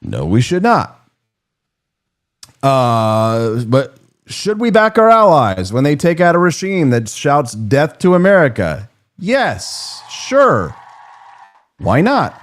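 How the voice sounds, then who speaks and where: Sarcastic man in his forties, lively pitch. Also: slow. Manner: sarcastic, mocking. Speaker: political commentator. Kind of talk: comedic political monologue.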